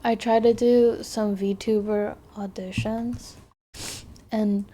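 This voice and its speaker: A young woman with a mid-pitched voice talks casually on a live stream while she works on a drawing. She chats in an excitable way and swears at small scares. When she concentrates, she trails off and mumbles. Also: a little slow, creaky, a little hiss or hum. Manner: chatty, distracted, trails off and mumbles while focused; excitable, swears and laughs at her own scares.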